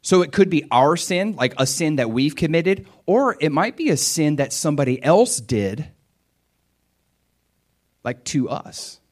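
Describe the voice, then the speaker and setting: With a slightly high voice and measured pace, a middle-aged pastor delivers his sermon straight to the congregation. He's lively throughout and laughs a lot.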